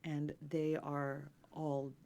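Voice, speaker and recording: A lower-pitched woman tells childhood stories to an interviewer, her delivery animated and expressive. She is a mezzo-soprano from Los Angeles and talks freely, with a singer's ease. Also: drawn-out words. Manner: animated, warm storytelling with lively acted quotes. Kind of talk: interview, personal storytelling.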